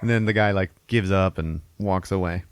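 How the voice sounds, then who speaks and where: A man with a low voice recaps a film in loose, profane chat and slips into the characters' lines as he goes. The sound is dry and close, with no room around it. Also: moderate pace, clear, resonant tone, no echo. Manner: retells scenes with acted-out quotes and frequent swearing. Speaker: podcast host. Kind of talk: casual movie recap.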